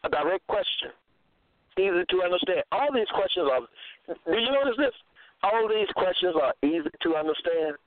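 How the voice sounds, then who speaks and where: Here a man with a high, expressive voice gives a Bible teaching monologue at normal speed, full of repetition and rhetorical questions for his listeners. The recording is dry and phone-like, lo-fi.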